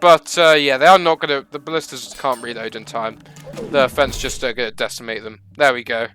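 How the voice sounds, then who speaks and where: A man commentating on a battle simulator game as a YouTuber, excitable, rambling and self-deprecating. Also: medium pitch, brisk, poor audio. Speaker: gaming YouTuber. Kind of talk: gameplay commentary.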